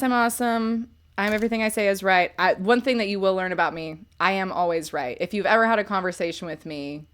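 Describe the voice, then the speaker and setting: A woman's voice: mid-range voice, a bit bright. A woman hosting a casual livestream where she reviews books, talking in a chatty, rambling way and laughing often. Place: home computer setup.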